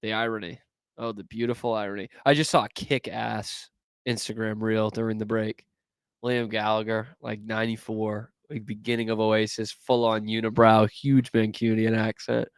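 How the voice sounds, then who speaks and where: A man hosting a casual sports talk show, animated and profane, with quick asides. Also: fairly low pitch, smooth, no room sound. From Boston area. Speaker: podcast host.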